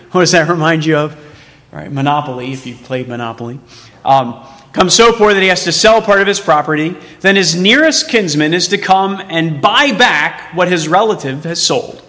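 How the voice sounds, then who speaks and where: A man's voice: fairly high pitch, bright, forceful tone. A man preaching a sermon as pastor. He speaks emphatically and puts rhetorical questions to his congregation. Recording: long hall reverb.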